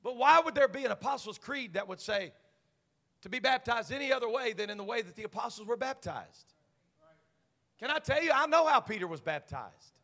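A man preaches from the pulpit, his voice pitched very high and ringing bright. He drops to low, confiding asides, then builds to shouting, and a long church reverb trails every line. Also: expressive, brisk. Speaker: senior pastor. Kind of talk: Pentecostal sermon. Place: church sanctuary.

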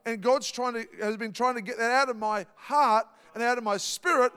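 A man's voice: extremely high pitch, fairly even intonation, moderate pace, sharp tone, clean tone, in a large hall. A middle-aged Australian man preaching a sermon, telling a personal story in a chatty way with many fillers and restarts. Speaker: pastor.

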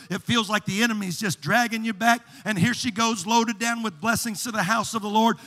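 A male pastor with a high, bright, ringing voice preaches with hammering repetition, swelling into shouted, sing-song runs. His voice carries a long reverb through a church sanctuary. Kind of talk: sermon.

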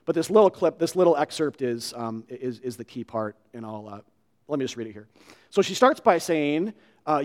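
Man, pastor, halting conversational sermon, frequent restarts, reverberant church hall. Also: medium pitch, lively intonation.

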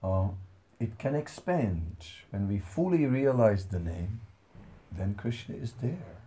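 A man who works as a spiritual teacher gives a soft-spoken, conversational devotional talk and tells stories, with frequent fillers. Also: lowish voice, expressive, takes it slowly.

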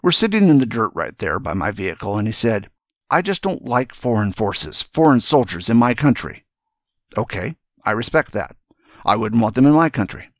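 A man's voice: on the low side, sing-song, moderate pace, dry recording, studio quality. An older man, a retired general, telling a story and giving earnest, emphatic advice in a speech to young students.

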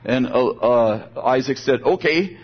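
A man's voice: fairly high pitch, normal speed. An older man preaching a sermon in a conversational way, often repeating words as he builds a point. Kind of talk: sermon with storytelling. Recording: dull, lo-fi sound.

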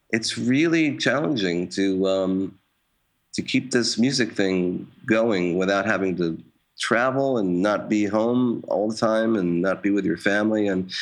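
A middle-aged man, a jazz musician, talking casually in an interview with wry self-mocking humor and many restarts and fillers. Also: lowish voice.

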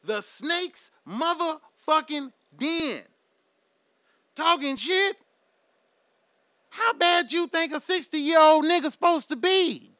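A man's voice: very high voice, expressive, slow pace, long pauses, sharp tone, no echo, clean studio sound. A man in his thirties delivering a heated, profane, preachy rant straight to his audience. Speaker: vlogger.

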